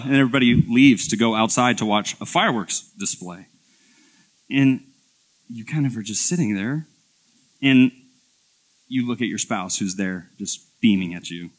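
A man's voice: mid-range voice, expressive, moderate pace, fairly bright tone. A male pastor preaching a sermon in a church, telling a playful story in a conversational way, often restarting and repeating words. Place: church sanctuary.

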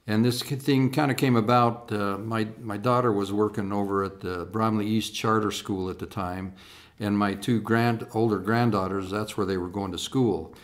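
A man's voice: fairly low pitch, steady tone, normal speed. An older man, a singer-songwriter, talking casually to online viewers in a folksy, rambling way, with lots of "uh" and restarts.

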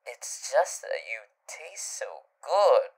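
A man plays a playful male vampire demon husband in a whispered role-play, drawling very slowly with a wildly swooping pitch. He teases, dropping to hushed whispers and then bursting out loud. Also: sing-song. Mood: teasing. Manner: playful, teasing, flips between whispers and loud exclaims. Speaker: voice actor.

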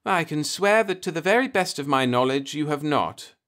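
A man reading the part of a polite, measured male alien in an audiobook, speaking with calm formality. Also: fairly high pitch, voice pushed up. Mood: politely calm.

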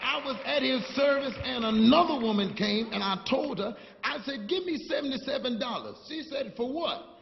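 A man preaching a sermon, telling stories and building to shouted call-and-response with the congregation. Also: very high-pitched, animated, normal speed, gravelly, hardly any pauses, a little hiss or hum. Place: church sanctuary. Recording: dull, long-reverb church hall recording.

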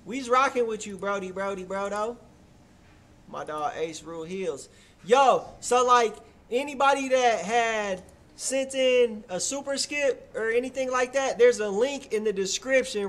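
A man hosting a live music review show, chatting casually in loose slang and filling his talk with "like" and "you feel me". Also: high-pitched. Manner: hyped and loud when cheering a track. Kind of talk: casual live-stream commentary.

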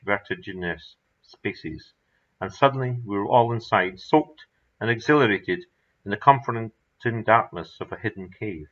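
Guy narrating his own creepy story, lowish voice, muffled lo-fi audio. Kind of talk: horror story reading. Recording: dull lo-fi recording.

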